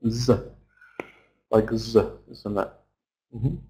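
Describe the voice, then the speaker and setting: A man's voice: lowish voice, level tone, drawn-out words, dark tone, low-quality recording. A middle-aged man teaching English pronunciation in an online lesson, patiently stretching words out to model their sounds.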